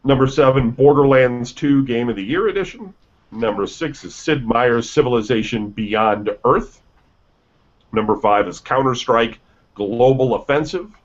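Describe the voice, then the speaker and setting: A man's voice: medium pitch, measured pace. A man hosting a casual gaming news radio show, reading lists and headlines with offhand asides and stumbles. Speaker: news host. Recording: dull lo-fi sound.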